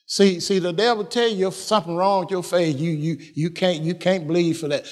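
A man's voice: high-pitched, normal speed, few pauses. A man preaching a sermon, repeating phrases and laughing as he drives points home. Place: church. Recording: long reverb of a church hall.

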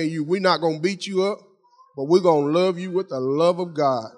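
A middle-aged man delivers a sermon in a notably high voice. He preaches in a folksy, conversational manner, speaking directly to his congregation. He repeats key phrases again and again for emphasis. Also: normal speed. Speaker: pastor.

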